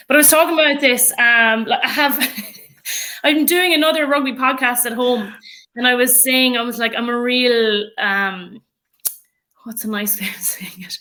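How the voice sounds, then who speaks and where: A woman with an Irish accent, chatting as a podcast guest in an animated way, with many fillers and frequent laughs. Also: fairly high pitch. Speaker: podcast guest, rugby player and coach. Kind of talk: casual chat.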